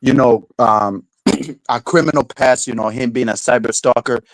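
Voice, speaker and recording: A man's voice: mid-range voice, normal speed, no room sound, low-quality recording. A man hosting a casual livestream chat, talking loosely in slang and laughing often. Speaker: livestream host.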